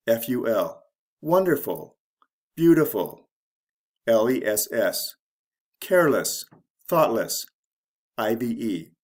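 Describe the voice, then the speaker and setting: A man teaching an English pronunciation lesson, spelling out word endings letter by letter in a measured, deliberate way. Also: medium pitch. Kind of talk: slow scripted grammar lesson.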